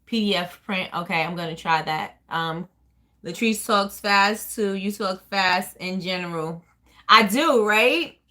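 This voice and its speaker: A woman from New Jersey with a New Jersey accent, chatting casually and quickly, rambling with lots of ums while she answers viewers' questions. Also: medium pitch, pushed and bright. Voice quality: fast-talking, rambling with many ums. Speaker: small business owner hosting a live chat.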